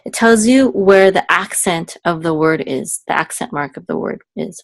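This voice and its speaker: A woman's voice: expressive, creaky, dry recording. A woman teaching a student one-on-one in a casual, patient way, explaining step by step, checking in often and singing out syllables as examples. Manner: sings syllables higher and slower as examples. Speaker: Hebrew cantillation teacher.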